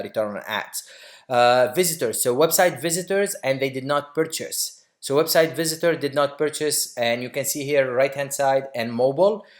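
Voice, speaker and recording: A man teaching online marketing in a casual screen-share tutorial, explaining quickly and loosely with many fillers and restarts. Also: medium pitch.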